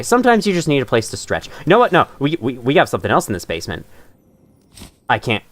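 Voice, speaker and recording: A young man chatting and laughing while playing a game live, talking to the creatures on screen. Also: fairly high pitch. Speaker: streamer. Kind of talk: live gameplay commentary. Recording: faint music in background.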